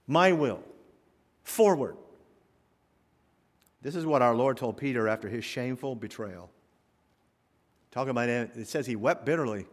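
A male pastor preaching a sermon, swinging from quiet asides to loud, rising exhortation. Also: medium pitch, moderate pace, long pauses. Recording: long hall reverb.

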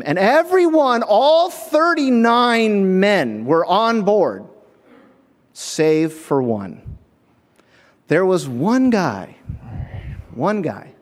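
A man preaching a sermon, telling a story and acting out the voices of people in it. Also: sits high. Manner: storytelling, acts out voices in quotes. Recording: long hall reverb.

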